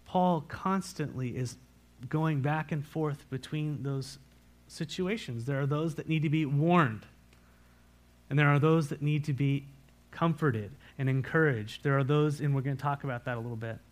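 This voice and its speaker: A pastor preaching a sermon, earnest and repeating key words for emphasis. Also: male voice, a little high, normal speed. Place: church sanctuary.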